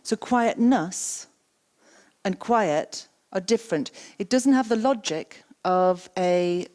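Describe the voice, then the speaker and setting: A woman's voice: mid-range voice, takes it slowly, darkish tone. A woman giving an interactive keynote on coaching. She repeats the audience's words back and asks them questions. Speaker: keynote speaker and coaching trainer. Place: conference stage.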